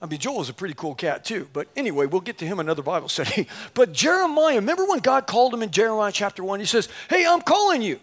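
Male preacher, very high-pitched, animated and self-deprecating, building to shouted exhortation. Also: fast talker, few pauses. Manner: animated, self-mocking storyteller acting out dialogue. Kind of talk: sermon with a personal story.

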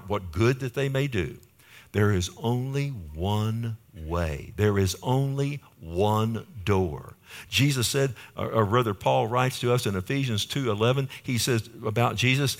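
A pastor preaching a sermon with emphatic repetition, calling out "amen?" to the congregation. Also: male voice, fairly low pitch. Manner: emphatic, repeats key phrases, calls for amen.

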